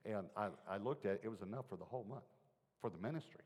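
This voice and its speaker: A man preaches a sermon, sharing a personal story in an earnest, conversational way and asking his listeners questions. His voice is fairly low, darkish and a bit breathy, and he speaks very fast and animatedly, with a long hall reverb on the recording.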